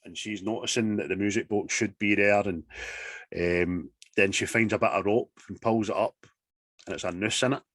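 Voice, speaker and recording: A man, casually recapping a horror film in sweary, animated chat. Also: fairly low pitch, moderate pace, no room sound.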